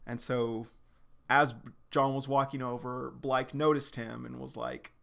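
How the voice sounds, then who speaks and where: A man's voice: medium pitch, little pitch movement, unhurried, vocal fry, a bit bright. A young man streaming a live reaction, recapping a comic chapter in a loose, slangy way full of "like" and the odd swear word.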